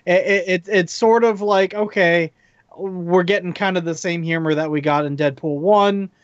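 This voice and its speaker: A man talking on a casual podcast in a measured way, filling pauses with ums and likes. His voice sits slightly high. The recording is dull and lo-fi, with a dry sound. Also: steady tone, no echo. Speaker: podcast co-host. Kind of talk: casual chat.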